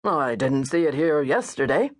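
A man's voice: on the high side, animated, normal speed. A woman reading an audiobook, voicing a smug, know-it-all London novelist who speaks with cutting confidence. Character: smug middle-aged London novelist, alpha male.

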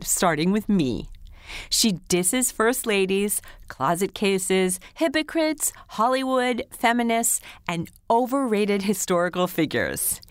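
A woman's voice: medium pitch, no room sound, studio quality. A woman giving an upbeat, emphatic promotional introduction to an audiobook. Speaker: audiobook announcer.

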